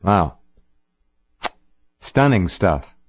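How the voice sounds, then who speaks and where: A man's voice: deep voice, very animated, extremely slow, breathy edge. A man hosting a talk radio show who reacts in an emphatic, enthusiastic way. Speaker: radio host.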